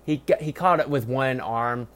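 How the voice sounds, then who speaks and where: A young man hosting a solo football review, talking casually with heavy swearing, rambling and mocking, swinging between loud outbursts and low mutters. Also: normal speed. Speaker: sports podcast host.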